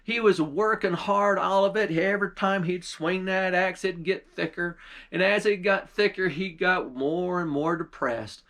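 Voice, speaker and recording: A man's voice: high-pitched, unhurried, fairly bright tone. A man, a pastor, telling a folk tale in a drawling, folksy storytelling manner.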